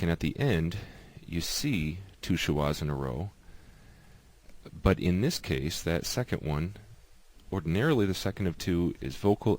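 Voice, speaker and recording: A man giving a patient, explanatory lesson, slowly repeating each example word. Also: deep voice, a little mellow, dry recording. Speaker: teacher.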